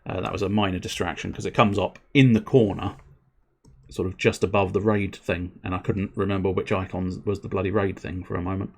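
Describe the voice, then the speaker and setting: A man's voice: low-pitched, little pitch movement, brisk, gravelly, darkish tone, husky. A young man chatting casually to his stream audience, rambling, self-deprecating and swearing now and then. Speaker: livestreamer.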